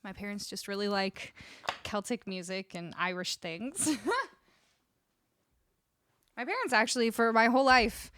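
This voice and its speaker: This is a young Canadian woman with a Canadian English accent who streams music and chats casually with her viewers, often laughing and reading their messages aloud. Her voice is mid-range and a bit bright, with a measured pace, frequent pauses, and a smooth quality, captured on a studio vocal mic.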